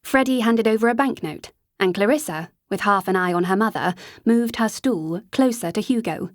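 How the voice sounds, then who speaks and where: A woman reading a novel aloud as an audiobook narrator, in an even storytelling manner on a close mic. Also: medium pitch, normal speed, dry recording. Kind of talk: scripted narration.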